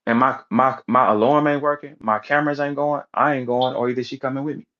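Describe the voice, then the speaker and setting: A man rants in blunt, profane commentary, pressing his points with rhetorical questions. His voice sits at an ordinary middle pitch. The audio is a little dull and lo-fi. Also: fairly even intonation, quick pace, a bit bright. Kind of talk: animated commentary rant.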